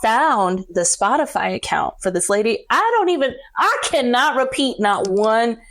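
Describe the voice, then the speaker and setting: A woman's voice: on the high side, animated, moderate pace, fairly bright tone, a little hiss or hum. A woman guesting on a podcast in casual chat, talking in a playful, jokey way.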